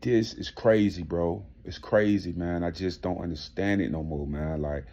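A man with a husky, low voice delivers an indignant, profane rant, hammering his points with emphasis. The recording sounds dull and lo-fi. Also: moderate pace, few pauses, mellow. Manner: emphatic, indignant, heavy swearing. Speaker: commentary vlogger. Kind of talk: profane ranting commentary.

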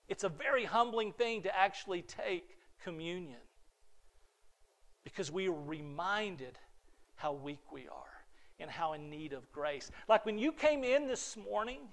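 A middle-aged male pastor with a high, light voice delivers a heartfelt sermon. He speaks earnestly, stumbling and repeating words as he goes, and his voice sinks soft and low before swelling back up. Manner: earnest, repeats words, drops to soft near-whispers then rises.

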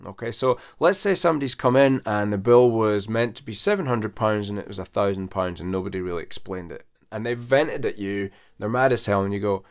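Gravelly low-voiced vet giving advice. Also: male voice, brisk, hardly any pauses. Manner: conversational, earnest, coaching listeners step by step. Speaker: veterinarian. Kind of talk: advice vlog to camera.

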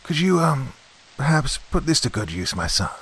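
A man voicing a short, chubby, bald priest who speaks gently and hesitantly. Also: medium pitch, big pitch swings, normal speed, breathy edge, pitched above the performer's own voice, heavily acted. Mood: gentle.

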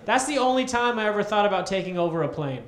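A man performing a stand-up comedy set in a club, telling an animated story and acting out the people in it. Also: sits high, quick pace. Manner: animated storytelling, acts out characters. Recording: echoey club room, audience laughter.

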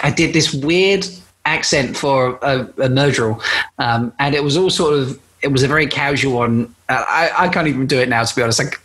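A man's voice: medium pitch, fairly bright tone. A man who is a guest on a book discussion podcast. He rambles casually, swears and pokes fun at himself.

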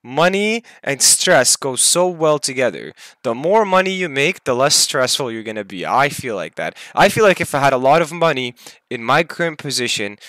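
A man's voice: mid-range voice, bright, forceful tone, no room sound. A young man venting his stress and anger in a daily vlog, swearing often and sounding tired. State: tired, half asleep. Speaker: vlogger.

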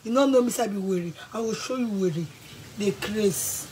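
A woman with a Nigerian accent, ranting angrily and scolding someone in bursts of shouting and threats. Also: mid-range voice, fairly quick, slight background noise, low-quality recording. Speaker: vlogger. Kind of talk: angry rant to camera.

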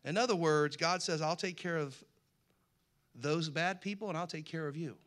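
A man's voice: fairly high pitch, normal speed, a bit bright. A man preaching a sermon, reading scripture aloud with rising emphasis and slipping in folksy jokes to the congregation. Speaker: pastor.

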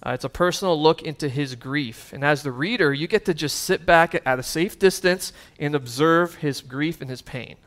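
A man's voice: a little high, moderate pace, few pauses, fairly bright tone. A man preaching a sermon as pastor, earnest and conversational, with casual asides and fillers.

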